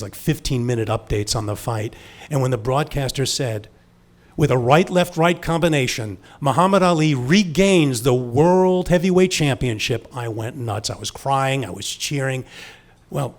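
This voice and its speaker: A man in his sixties from Long Island telling a personal story in a wry, intimate manner, moving from hushed lines to emphatic ones. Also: medium pitch. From Long Island, New York.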